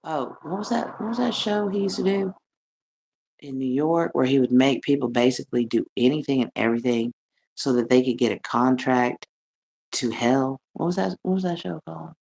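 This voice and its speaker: A middle-aged American woman ranting on her livestream, brash and profane, laughing often and swinging between loud and soft. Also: rumbling low, normal speed, creaky, a little hiss or hum. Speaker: livestream host. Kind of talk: rambling livestream rant.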